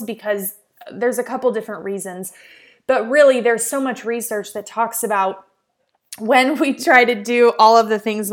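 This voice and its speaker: A young woman, a life coach, hosting a solo podcast in an earnest, encouraging way with plenty of "like" and "um" fillers. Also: fairly high pitch.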